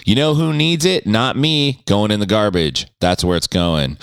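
A man's voice: on the low side, animated, moderate pace, few pauses, clean tone, dry recording, studio quality. A man hosting a podcast, telling a story in a casual, profane, self-mocking way. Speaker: podcast host.

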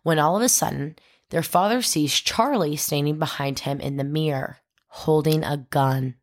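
A woman's voice: low voice, normal speed. A woman podcast host telling a true crime story, dramatic and acting out the quoted voices.

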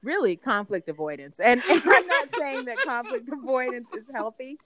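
A woman's voice: fairly high pitch, expressive, moderate pace, crowd noise. A woman co-hosting a podcast in casual chat, sassy and playful in her teasing. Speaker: podcast co-host.

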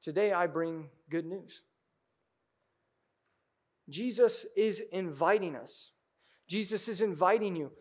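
A high-voiced man delivers a sermon from the pulpit of a church. He drops to near-whispers, then rises to loud, urgent appeals to the congregation. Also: slow, pauses often. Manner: dynamic preaching, swings from hushed to loud. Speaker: pastor. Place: church sanctuary.

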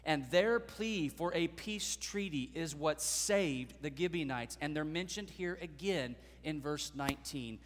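A man preaching a sermon as pastor, swelling into dramatic, loud passages and acting out voices from the stories. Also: fairly high pitch, lively intonation, measured pace, hardly any pauses, long reverb tail, a little hiss or hum.

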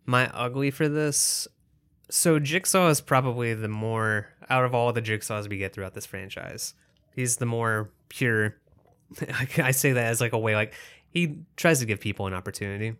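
A man's voice: mid-range voice, normal speed, a bit bright, clean tone. Laid-back man podcast co-host. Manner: loose and conversational, hedging with fillers. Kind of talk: casual podcast chat.

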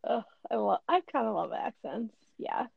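A woman's voice: fairly high pitch, big pitch swings, moderate pace, vocal fry, husky, no room sound, phone-quality sound. A young woman with a Minnesotan accent in a casual podcast chat, upbeat and agreeable, laughing easily.

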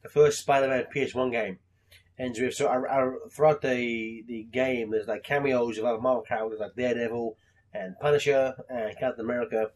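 A man's voice: medium pitch, fairly even intonation, brisk, darkish tone. A man chatting casually about games and comics, rambling with repeated words and mock-outraged rants.

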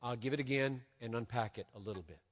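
A man preaching a sermon as a pastor, with emphatic rises and drops in loudness and a slow, deliberate delivery. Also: mid-range voice. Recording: long reverb of a large hall.

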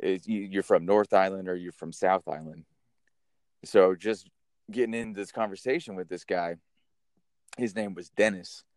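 Low-voiced man telling stories casually. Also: normal speed, pauses often, no echo, studio quality. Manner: animated, chatty storyteller who swears casually. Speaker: podcast host. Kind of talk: casual storytelling.

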